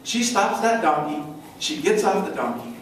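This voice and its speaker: Energetic man telling stories in an echoey hall. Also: normal speed, slight background noise. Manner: energetic storyteller, bursts into high acted voices. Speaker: event speaker. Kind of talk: motivational stage talk with a joke story. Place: large conference hall. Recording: echoey hall, distant mic.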